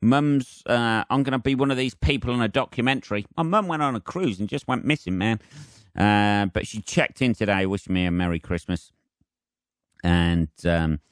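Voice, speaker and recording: A man's voice: medium pitch, fairly bright tone, smooth, no room sound, clean studio sound. A man hosting a solo podcast, rambling casually with swearing and self-mocking asides. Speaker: podcast host.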